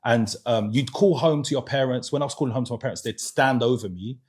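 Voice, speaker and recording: A man's voice: medium pitch, fast talker, a little mellow, breathy edge. A man, a podcast guest telling an earnest story in casual chat, with hesitant restarts.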